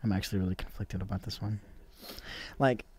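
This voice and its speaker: A man's voice: on the low side, fairly even intonation, brisk, warm tone, slightly rough. Man musing over game choices. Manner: hesitant, wry, thinks aloud. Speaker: player. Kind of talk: casual chat.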